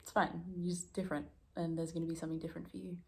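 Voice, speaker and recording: Low-ish woman rambling at home, bit of vocal fry, laughs a lot, self-deprecating. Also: little pitch movement, racing. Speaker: vlogger. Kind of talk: casual reflective vlog chat. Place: room at home.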